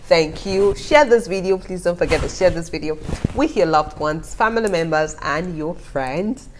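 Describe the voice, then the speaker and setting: Animated woman vlogging. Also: sits low, moderate pace, background noise. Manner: animated, laughing often, talking straight to viewers. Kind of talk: casual storytelling to camera.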